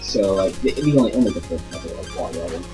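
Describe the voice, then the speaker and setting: A man hosting a let's play, commentating casually and excitably, swearing a lot. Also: low voice, quick pace, loud music behind the voice.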